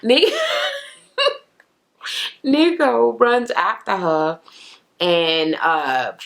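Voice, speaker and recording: A woman's voice: sing-song, extremely slow, vocal fry. A woman giving a blunt, profane, casual recap of a reality show, slipping into exaggerated quoted voices. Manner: blunt, sassy, heavy swearing, acts out quotes in raised pitch.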